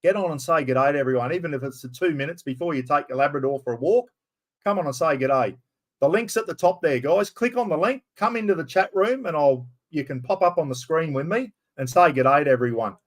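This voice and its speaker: Australian male streamer, slightly high voice, loud, rambling and salty-mouthed, casual live chat. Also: a little fast. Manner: loud, rambling, swears freely.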